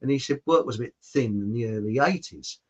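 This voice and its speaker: A man's voice: mid-range voice, expressive, brisk, a little mellow, slightly rough, dull audio. An English man hosting a casual podcast chat, telling rambling anecdotes and laughing often. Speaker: podcast host.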